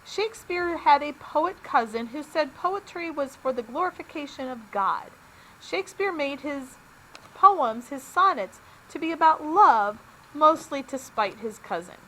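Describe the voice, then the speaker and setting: A woman's voice: sits high, lively intonation, measured pace, a bit bright, a little hiss or hum, low-quality recording. A woman teacher giving a recorded lesson, upbeat and explaining each step plainly.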